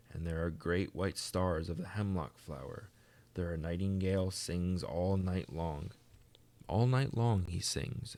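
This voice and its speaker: A weary, centuries-old ghost from a storybook, as a man puts him on, sad and lonely. His deep, gravelly voice moves slowly and dreamily, low and heavy with longing. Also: a little mellow.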